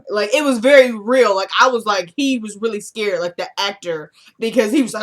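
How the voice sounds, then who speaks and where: A woman giving a casual, animated vlog recap of a TV episode, acting out the characters' lines in a frank, exclamatory way. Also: medium pitch, brisk. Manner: animated storyteller who acts out quoted lines. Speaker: TV episode reviewer.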